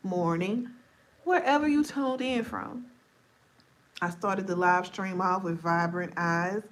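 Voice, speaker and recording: A woman's voice: lowish voice, takes it slowly. Sleepy, chatty woman live-streamer. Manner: chatty, playful, talks straight to viewers. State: sleepy, voice going deep and scratchy. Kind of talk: casual live-stream chat.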